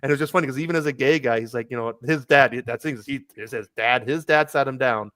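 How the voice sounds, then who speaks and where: A man's voice: medium pitch, quick pace, a bit bright, no echo. A man co-hosting a casual chat, rambling through asides with wry, sarcastic jokes. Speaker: podcast co-host.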